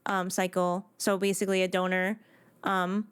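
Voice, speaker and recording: A woman in her thirties chatting casually with viewers on a live game stream, excitable and prone to restarting her sentences. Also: lowish voice, normal speed, clean tone, dry recording.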